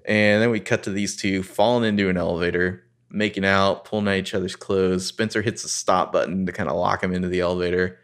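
A man's voice: low-pitched, steady tone, a little fast, hardly any pauses, a bit bright, clean tone. A man hosting a podcast, recapping a TV episode in a casual, rambling way with crude humor. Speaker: podcast host.

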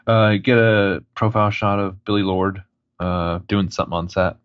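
Casting note: mid-pitched man, relaxed jokey co-host, dry and slightly muffled recording. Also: moderate pace, smooth, no echo. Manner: easygoing, jokey asides. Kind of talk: casual commentary on behind-the-scenes footage. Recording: dull lo-fi sound.

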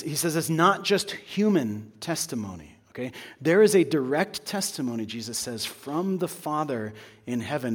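Man preaching a conversational sermon. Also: a little high. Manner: conversational teaching, tag questions, dramatic pauses.

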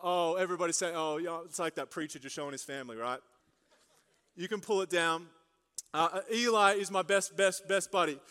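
A young man preaching a sermon, telling a lively story with jokes and asides before turning to his main point. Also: high-pitched, a little fast. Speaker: pastor. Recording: long reverb of a large hall.

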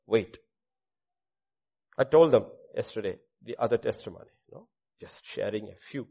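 A middle-aged male pastor preaching a sermon with a personal testimony, swinging between loud proclamation and hushed asides. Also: mid-range voice, big pitch swings, moderate pace, long pauses, breathy edge.

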